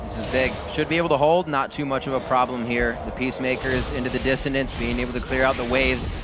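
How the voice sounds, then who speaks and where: A man doing play-by-play commentary on an esports match, whose voice jumps high and loud when fights break out. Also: quick pace, noisy background. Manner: erupts into high-pitched excitement during fights. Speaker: esports caster.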